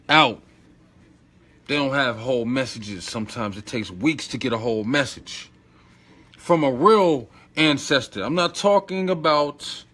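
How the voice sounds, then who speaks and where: A man's voice: medium pitch, fairly bright tone. A man giving an informal spiritual lesson, slangy and emphatic, repeating phrases and coaching the listener directly. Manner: talks straight to the listener, coaching tone. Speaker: spiritual teacher.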